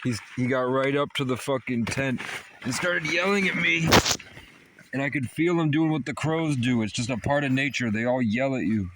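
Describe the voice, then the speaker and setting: A man in a comedic outdoor rant by a tent at night near a river, profane and rambling as he yells and taunts an animal. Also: mid-range voice, a little fast, few pauses, noisy background.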